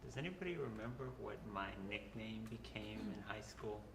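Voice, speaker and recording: A man's voice: fairly low pitch, normal speed, vocal fry, crowd noise. Laughing man telling a story in an echoey room. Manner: animated, laughing anecdote-telling. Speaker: former band student. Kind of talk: storytelling at a gathering.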